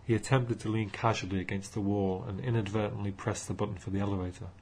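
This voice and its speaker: A man narrating an audiobook in a measured storytelling manner. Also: fairly low pitch, fairly even intonation, darkish tone, a little hiss or hum.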